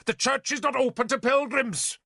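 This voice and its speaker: A man's voice: medium pitch, expressive, moderate pace, a bit bright, no room sound, studio quality. A man voicing a pompous, greedy male bishop who wails and shrieks melodramatically, in an audiobook. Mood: outraged. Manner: melodramatic wailing, shrieking pleas. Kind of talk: audiobook character voice.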